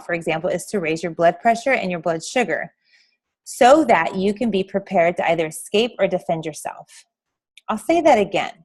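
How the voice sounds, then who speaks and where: Woman instructor, middle-aged, lively chatty class talk, acts out little reactions. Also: mid-range voice. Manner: chatty, addresses listeners as guys, acts out quoted reactions.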